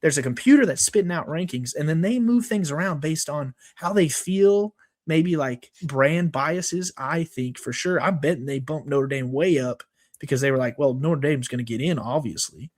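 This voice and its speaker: Guy on a podcast getting all fired up ranting, voice a bit on the high side. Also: normal speed. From Texas. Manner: worked-up, animated ranting. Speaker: podcast co-host. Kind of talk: casual sports rant.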